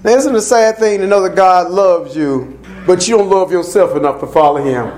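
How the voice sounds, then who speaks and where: High-voiced man preaching with rising shouts. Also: fairly quick. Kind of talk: sermon.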